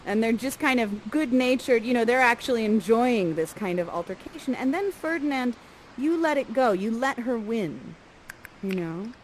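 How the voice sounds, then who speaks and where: A woman coaching actors through a scene, lively and acting out lines for the performers. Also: fairly high pitch, a little hiss or hum, poor audio.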